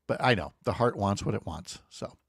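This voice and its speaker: Wry, lively man hosting radio. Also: fairly low pitch, a little fast, gravelly, slightly rough, dry recording, studio quality. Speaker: radio morning show host. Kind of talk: casual radio chat. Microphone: studio microphone.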